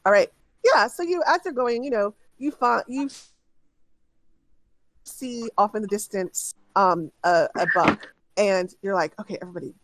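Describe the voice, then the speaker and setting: A woman's voice: medium pitch, a little slow, slight background noise, low-quality recording. A woman game master narrating a tabletop game, rambling through her scenes with frequent ums and restarts.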